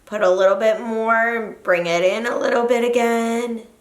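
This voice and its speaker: A woman's voice: fairly high pitch, steady tone, normal speed. Chatty young woman in an echoey room. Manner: chatty, jokey, corrects her own slips. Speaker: beauty vlogger. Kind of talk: makeup tutorial chat. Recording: roomy echo.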